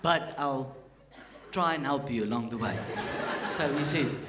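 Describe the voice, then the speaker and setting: A man's voice: medium pitch, a little slow, noisy background. A South African man doing a chatty, self-mocking stand-up comedy set on a theatre stage. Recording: echoey live theatre with crowd. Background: audience laughter.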